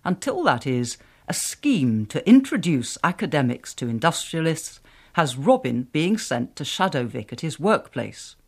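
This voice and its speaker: A man hosting a radio book show, presenting in a smooth, measured scripted way. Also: fairly high pitch, big pitch swings.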